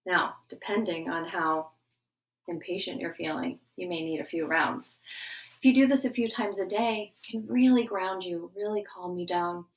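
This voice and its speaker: A middle-aged woman giving a gentle morning lesson to schoolchildren, coaxing them through a breathing exercise. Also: lowish voice, normal speed. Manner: warm, coaxing teacher voice, guiding breathing. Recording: voice a bit distant from the mic.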